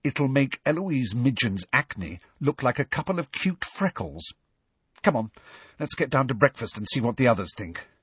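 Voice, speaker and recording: A man voicing a clever, firm teenage schoolgirl in an audiobook reading, talking in a crisp, measured and grim way. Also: mid-range voice, big pitch swings, fairly bright tone, no echo, clean studio sound, voice pushed up, heavily acted. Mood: cool, firm.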